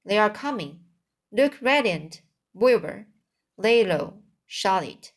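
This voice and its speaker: A woman voicing a female barn spider in a storybook reading, giving hushed, urgent warnings. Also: mid-range voice, big pitch swings, slow, slightly rough, full character voice.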